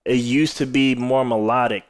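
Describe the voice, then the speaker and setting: A man's voice: mid-range voice, steady tone, moderate pace. Tired male podcast host, rambling casual talk with laughs, mid-range voice. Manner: laughs often, rambling with many fillers. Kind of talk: casual chat.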